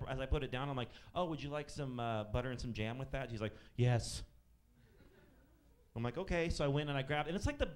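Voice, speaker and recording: A man in his thirties performing a stand-up set on a comedy club stage, telling profane, sardonic stories about waiting tables. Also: fairly high pitch. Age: 30s.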